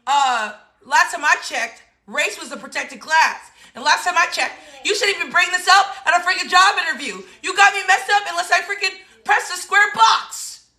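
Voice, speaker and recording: Sassy, bright-voiced woman host in her thirties. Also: very high-pitched, moderate pace, few pauses. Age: 30s. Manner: animated, sassy, laughing often, exclaiming. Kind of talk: casual political commentary.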